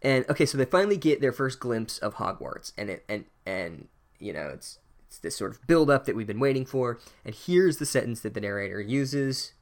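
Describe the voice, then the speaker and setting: A man's voice: mid-range voice, animated, moderate pace. A young man giving a sarcastic, profane comedic book recap with wry asides. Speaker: podcast host reviewing a book.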